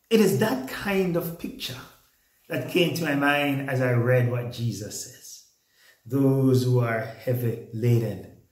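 A man preaching a sermon as pastor, slow and deliberate with emphatic repetition, recorded in a church. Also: mid-range voice, a little mellow. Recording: echoey room.

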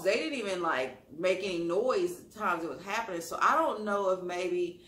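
Man, high bright voice, emotional storytime, sassy, roomy echo. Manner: expressive, sassy, calls listeners honey. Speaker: storytime YouTuber.

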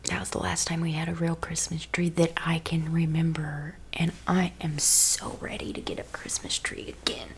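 A woman's voice: deep voice, little pitch movement, normal speed, few pauses. A woman chatting in whispers for ASMR, close to the mic, rambling casually and cussing now and then. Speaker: ASMR creator. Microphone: close ASMR microphone.

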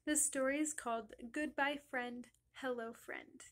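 A woman teaching a young class, reading a picture book aloud in a slow, sing-song, encouraging way with emphatic greetings. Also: sits high, steady tone, fairly bright tone. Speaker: elementary school teacher.

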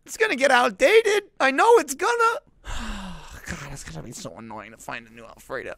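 Melodramatic young man gaming, lively pitch. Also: measured pace, vocal fry, husky, no room sound, studio quality. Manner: melodramatic mock grief, swinging between shouts and mutters; swears freely. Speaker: let's play gamer. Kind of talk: comedic gameplay commentary.

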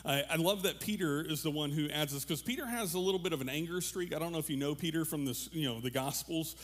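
A pastor giving a relaxed, conversational sermon to his congregation, joking with them and restarting his sentences often. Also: a little high, fast talker. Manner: casual, animated, joking, many fillers and restarts. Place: church room with a congregation.

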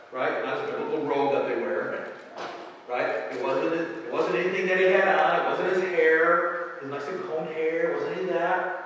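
A man preaching with a lively, joking delivery. His voice sits a little high and rings through a big, echoey church hall, picked up from far off. A faint room hum stays underneath. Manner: animated, joking, acts out quoted voices. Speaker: pastor. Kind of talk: sermon. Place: church sanctuary.

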